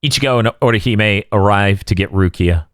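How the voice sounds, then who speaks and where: A man's voice: on the low side, brisk, dry recording, studio quality. A man hosting a podcast, recapping anime episodes in a wry, jokey way and laughing often. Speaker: podcast host.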